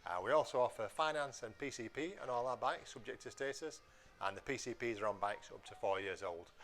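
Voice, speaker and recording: A man's voice: mid-range voice, fairly quick, a bit bright. A man from a motorbike dealership giving a friendly, direct sales outro about warranty and finance.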